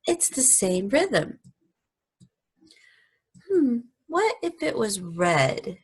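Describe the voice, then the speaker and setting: A woman teaching a children's music lesson, gently asking questions and singing short phrases and rhythm syllables. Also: mid-range voice, very animated, takes it slowly, slightly rough.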